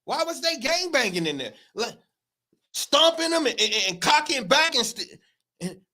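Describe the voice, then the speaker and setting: A man with a very high voice that sounds bright and forceful hosts a livestream commentary. He talks in a heated, profane, emphatic way and keeps repeating words for effect. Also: very animated, moderate pace. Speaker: show host.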